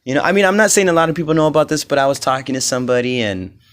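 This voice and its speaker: His voice is on the high side, expressive and racing. The young man hosts a podcast by himself, rambling, cursing, and filling gaps with fillers until he grows heated and loud.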